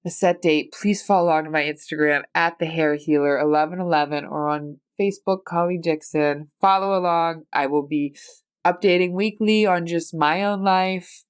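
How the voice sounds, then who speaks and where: American lady doing a solo podcast, lowish voice, rambly and candid, teary and stuffy-nosed. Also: steady tone, moderate pace, clean tone. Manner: candid, rambling, swears casually. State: emotional, teary, stuffy nose. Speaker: podcast host. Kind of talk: personal solo podcast chat.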